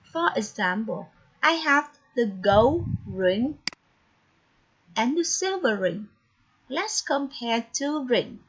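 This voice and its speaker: A woman teaching an English grammar lesson online, slow, deliberate and encouraging. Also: a little high, very animated, husky. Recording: dull, lo-fi recording with faint noise.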